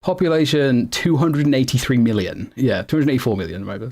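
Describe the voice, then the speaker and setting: A man's voice: medium pitch, expressive, fairly quick, darkish tone. Rambling man streaming. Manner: rambling and chatty, self-correcting, laughs often. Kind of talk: casual livestream chat, answering viewers.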